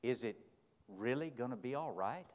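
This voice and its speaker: A middle-aged man preaching a sermon, folksy, telling stories and asking rhetorical questions, moving between quiet and loud. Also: mid-range voice, expressive, moderate pace. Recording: long hall reverb.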